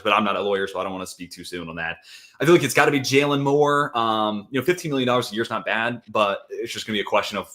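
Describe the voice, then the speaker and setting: Fast-talking low-voiced man in casual sports chat. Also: bright, forceful tone. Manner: quick, loose, peppered with "dude" and "like". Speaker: fantasy football podcast co-host.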